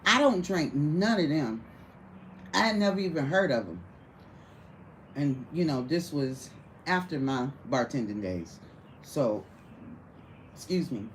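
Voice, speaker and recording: A woman's voice: fairly low pitch, a little hiss or hum, low-quality recording. A woman telling a rowdy, profane story in casual conversation, often breaking into laughter. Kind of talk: casual storytelling to a small audience.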